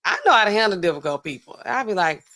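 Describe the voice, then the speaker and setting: A woman pharmacist hosting a casual livestream, chatting to viewers and acting out customers in quick asides. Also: mid-range voice, expressive, sharp tone.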